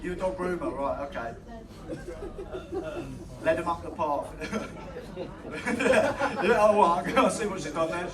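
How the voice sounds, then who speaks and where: In a small, echoey comedy club, a young English comedian with a high-pitched voice takes his set slowly, leaving long pauses as he swears and trades banter with the crowd. The mic catches him from a distance, and loud audience laughter fills the background.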